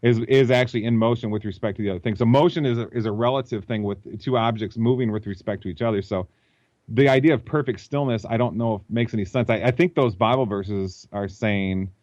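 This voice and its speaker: A man with a low-pitched voice talks as a guest on a call, working his ideas out aloud at length. The audio is dry and dull, like a lo-fi computer mic. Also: brisk, darkish tone, no room sound. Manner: thinks aloud, explaining at length. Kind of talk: explanatory interview talk over a call.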